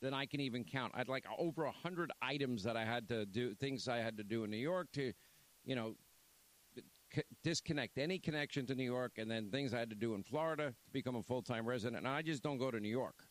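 A man's voice: mid-range voice, fairly quick. A man hosting a talk radio show, rambling and blunt, reading an ad and chatting casually. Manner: rambling, blunt, repeats himself.

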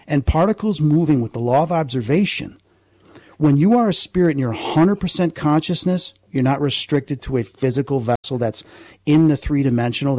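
Husky mellow guy rambling earnestly about ghosts on the radio, lots of restarts. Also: mid-range voice, dry recording. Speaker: paranormal investigator, guest. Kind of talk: radio interview storytelling.

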